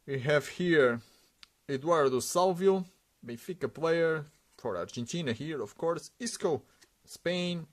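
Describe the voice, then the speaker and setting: A man's voice: on the high side, expressive, slow pace. Casual man narrating a sticker unboxing. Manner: rambling, reads out names one after another with frequent uh fillers.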